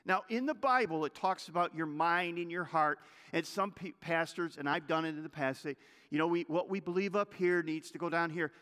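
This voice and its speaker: High-voiced man preaching in a reverberant hall. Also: normal speed. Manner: dynamic, swings from loud exhortation to hushed intensity. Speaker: pastor. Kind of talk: sermon.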